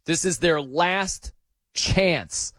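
Male sports radio host, lively, high-ish voice, dry close mic, animated storytelling. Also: extremely slow, dry recording. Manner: animated, excitable storytelling with dramatic pitch swings. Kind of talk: casual sports talk monologue.

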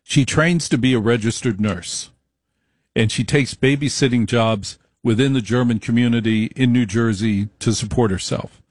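A middle-aged man telling a story in a monologue, emphatic and repetitive, slowing down to stress his points. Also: medium pitch, no room sound, clean studio sound.

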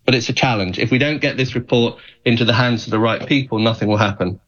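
A man speaking as a guest on a radio talk show, in a measured way with frequent fillers. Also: medium pitch, fairly bright tone, muffled recording.

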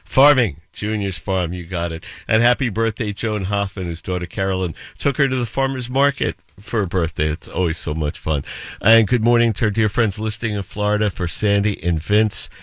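A man's voice: on the low side, normal speed, fairly bright tone, dry recording. A man in his seventies hosting a radio show, chatting with listeners and telling stories with playful accent imitations. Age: 70s. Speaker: radio host. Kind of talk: radio show chat with listener shout-outs and anecdotes.

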